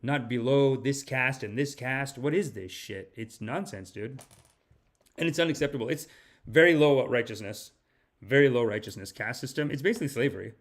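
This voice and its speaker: A man hosting a comedic podcast monologue, rambling and animated, sometimes slipping into a mock spiritual-guru pitch. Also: normal speed. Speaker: podcast host.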